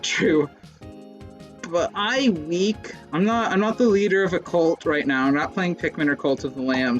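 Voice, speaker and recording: A man's voice: mid-range voice, lo-fi sound. A young man giving casual, rambling, self-mocking commentary while playing a racing game. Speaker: let's play streamer.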